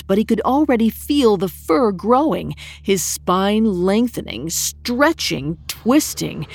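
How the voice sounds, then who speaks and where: A woman telling a myth in scripted, measured, dramatic narration. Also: mid-range voice, a little hiss or hum. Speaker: storyteller.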